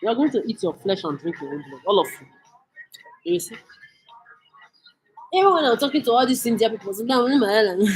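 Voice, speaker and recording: A woman's voice: a little high, expressive, fairly quick, long pauses, husky, faint music behind. A woman from Nigeria, delivering a heated, profane, accusing rant as a vlogger. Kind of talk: angry profane rant to camera.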